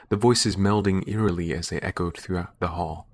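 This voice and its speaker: A man reading a first-person short story aloud in a measured storytelling manner. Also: sits low, fairly even intonation. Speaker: narrator. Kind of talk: scripted narration.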